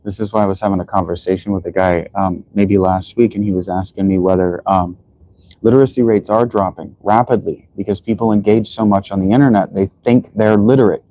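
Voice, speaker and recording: Livestream host, male, low voice, dry close sound, rambles and restarts as he lectures. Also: steady tone, fairly quick, dark tone, no room sound, poor audio. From United States. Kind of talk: casual livestream monologue.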